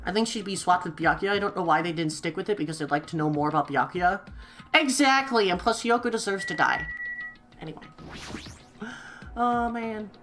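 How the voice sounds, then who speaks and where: A woman's voice: fairly low pitch, brisk, a bit bright, soft background music. A woman playing through a visual novel, reading its dialogue aloud in playful voices and chatting between lines. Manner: playful, laughs often, comments between lines. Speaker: let's player voicing game characters.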